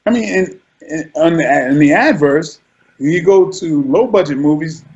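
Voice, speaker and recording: A man being interviewed, telling animated stories about his work and often restarting his sentences. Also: fairly high pitch, moderate pace, lo-fi sound. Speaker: actor interviewed as guest. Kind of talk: casual interview storytelling.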